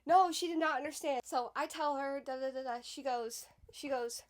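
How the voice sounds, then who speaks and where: A young woman with a high, light voice tells a personal story in a loose, chatty vlog way. She drops "like" constantly and punches certain words with sudden loud emphasis. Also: moderate pace, hardly any pauses. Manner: chatty, fills speech with "like", emphatic swings in loudness. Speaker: podcast host.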